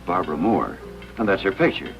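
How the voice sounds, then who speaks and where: Very deep gravelly chaplain, earnest and gentle, old muffled radio with music under. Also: male voice, big pitch swings, a little fast, heavily acted. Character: earnest male hospital chaplain, gentle, persistent. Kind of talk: 1950s radio drama acting. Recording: dull lo-fi old radio recording.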